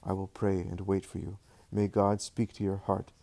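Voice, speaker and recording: A man voicing Jesus as a gentle, grieving teacher in a devotional audiobook, speaking softly and tenderly. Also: low-pitched, monotone, normal speed, vocal fry, no echo.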